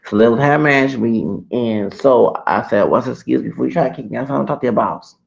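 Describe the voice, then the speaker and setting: Man, gravelly voice, heated rambling rant, dull lo-fi recording. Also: medium pitch, quick pace. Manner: heated, rambling, repeats himself, swings loud and soft. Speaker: vlogger. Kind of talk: ranting personal story to camera.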